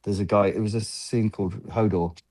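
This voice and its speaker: A man's voice: on the low side, steady tone, a little fast, darkish tone. A man in his fifties, a film lighting gaffer, chatting in an interview and rambling through anecdotes while acting out the exchanges he recalls. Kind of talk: casual interview storytelling.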